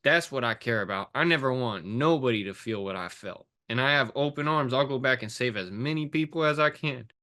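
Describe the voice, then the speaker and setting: A man's voice: mid-range voice, a little fast, hardly any pauses, pushed and bright. Impassioned man speaking from the heart. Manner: emotional, intense, swears. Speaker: guest, fitness and life coach. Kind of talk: impassioned interview talk.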